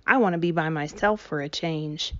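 A woman voicing a restless, headstrong young girl who speaks softly and wistfully. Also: sits low, moderate pace, no echo, dull audio, lightly acted. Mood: confiding.

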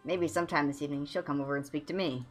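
A woman's voice: low-pitched, fairly even intonation, very fast, soft background music. A woman voicing a lovesick young male bard who gushes in flowery, theatrical lines. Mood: dreamy. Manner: gushing, theatrical, sea metaphors.

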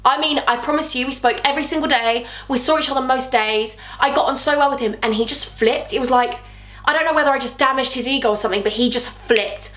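A woman's voice: high-pitched, fast, a bit bright, roomy sound. A young woman telling a candid, chatty storytime vlog. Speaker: vlogger.

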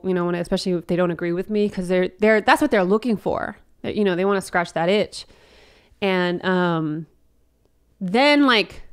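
A woman comedian in casual podcast chat, swearing freely and acting out quotes in high, animated bursts. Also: clear, resonant tone. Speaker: comedian guest.

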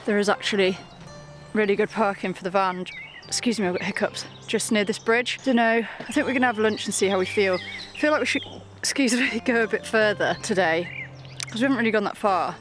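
A woman's voice: medium pitch, a little fast, fairly bright tone, soft background music. A young woman casually narrating her narrowboat travel vlog, breezy and chatty, laughing often. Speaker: vlogger. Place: narrowboat and canal towpath.

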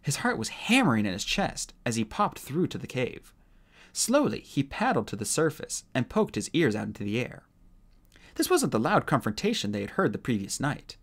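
An audiobook narrator reading a children's fantasy novel aloud with expressive delivery. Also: mid-range voice, moderate pace.

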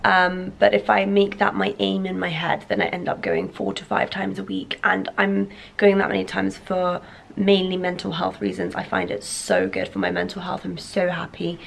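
Croaky young woman vlogging. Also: medium pitch, animated, normal speed, a little hiss or hum, poor audio. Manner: chatty, rambling with many ums and likes. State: croaky morning voice. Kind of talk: casual vlog chat to camera.

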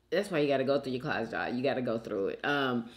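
A woman from Houston, hosting a mukbang and chatting warmly and emotionally with viewers in the chat. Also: a bass voice, animated, brisk. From Houston, Texas. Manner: chatty and emotional, calls viewers girl and sis. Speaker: mukbang host reading live chat. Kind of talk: casual chat.

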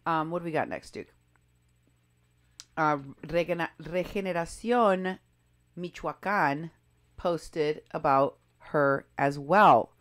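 Low-voiced skeptical woman commentator. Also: takes it slowly, pauses often. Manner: emphatic, skeptical, stressing key words. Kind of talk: commentary on clips and posts.

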